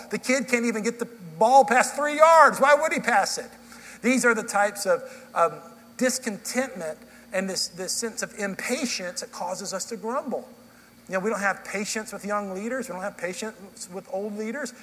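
A man's voice: high-pitched, bright, forceful tone, a little hiss or hum. A middle-aged man preaching a sermon as pastor, telling stories in a conversational way with frequent restarts. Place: church sanctuary. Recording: long reverb in a large hall.

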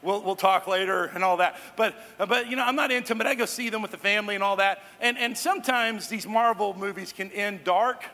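A man preaching to his congregation as pastor, talking in a relaxed way with joking asides to the crowd, recorded in a church hall. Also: high-pitched, fairly quick, few pauses. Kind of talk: sermon. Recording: long hall reverb.

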